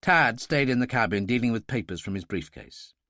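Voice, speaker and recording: A man narrating an audiobook thriller in an expressive, measured way. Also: mid-range voice, no echo, clean studio sound.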